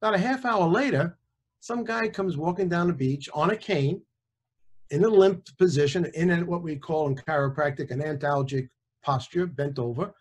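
Brief: man in his sixties, casual animated storyteller, slightly high-pitched speaking voice. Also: moderate pace. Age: 60s. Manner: animated, conversational, with small restarts. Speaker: author and chiropractor, guest.

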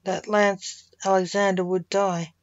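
Blake: earnest grown man, detective and father, slow steady delivery, read by a woman. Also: mid-range voice, dry recording, muffled recording, lightly acted. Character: male detective with seeing powers, calm father.

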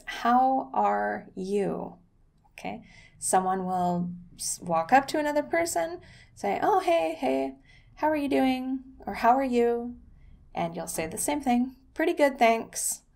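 A woman's voice: medium pitch, vocal fry, a little mellow. A young adult woman teaching English in a casual video lesson, chatty and upbeat, acting out short sample dialogues.

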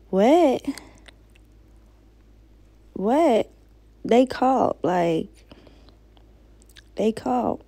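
A woman's voice: mid-range voice, creaky, mellow, no echo, low-quality recording. A woman giving casual, slangy commentary while playing a game and talking to her viewers. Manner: slangy, chatty, talks to viewers. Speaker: gamer.

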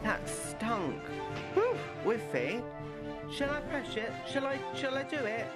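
A man's voice: very high voice, very animated, slow pace. A man putting on camp, panicky prison staff voices in a homemade parody sketch. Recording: music playing behind the voice.

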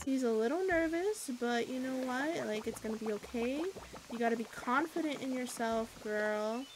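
A young woman streamer chatting excitedly to her viewers while she plays a game. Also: on the high side. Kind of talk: casual gaming chat.

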